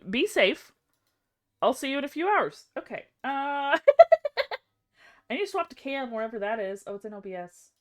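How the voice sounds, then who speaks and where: Excitable, chatty woman streamer. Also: sits high, a little fast. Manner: chatty, excitable, self-deprecating. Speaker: live streamer. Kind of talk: casual live-stream chat.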